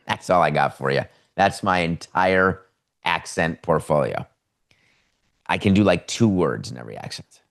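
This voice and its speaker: Low-voiced man hosting a talk show. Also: animated, unhurried, fairly bright tone. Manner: rambling, self-interrupting and emphatic. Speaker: podcast host. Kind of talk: live daily sports talk show monologue.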